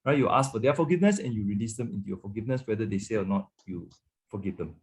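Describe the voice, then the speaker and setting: A man's voice: on the low side, rapid-fire, darkish tone. A man with a Malaysian English accent, a pastor teaching a webinar on marriage in a conversational way. He repeats words often and keeps checking in with "okay" and "right". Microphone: webinar microphone.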